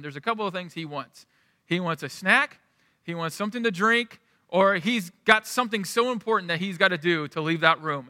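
A man's voice: sits high, bright, forceful tone, smooth, dry recording, clean studio sound, in a large hall. A male pastor preaching a sermon in a conversational, storytelling way, often restarting his sentences.

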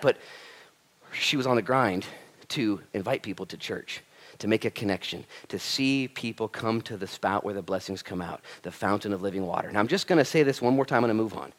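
A man's voice: on the low side, fairly quick. A man preaching as a pastor, talking energetically and conversationally to his congregation. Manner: energetic, conversational preaching with animated quoted asides. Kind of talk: sermon.

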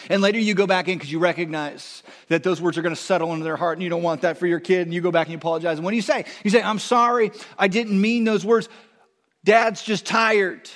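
Animated, fairly high-voiced male preacher. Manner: animated preaching, rising loud on quoted lines, frequent restarts. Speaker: pastor. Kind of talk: sermon.

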